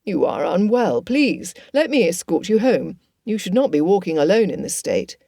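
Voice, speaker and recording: A woman voicing a courteous gentleman officer in an audiobook, speaking politely and formally in a lowered voice. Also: big pitch swings, normal speed, vocal fry, no room sound, clean studio sound. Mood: concerned. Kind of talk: audiobook character voice.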